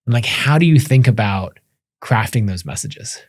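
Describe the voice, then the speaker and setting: A man's voice: lowish voice, animated, moderate pace, darkish tone, no echo, clean studio sound. A male podcast host asking a loose, rambling question full of fillers. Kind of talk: interview questions.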